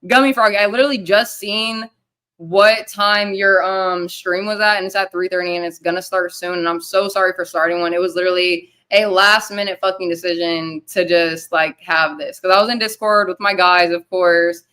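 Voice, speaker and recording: A young woman hosting a casual livestream, rambling loosely, swearing and giving shout-outs to the chat. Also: fairly low pitch, steady tone, moderate pace, clear, resonant tone. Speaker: livestream host.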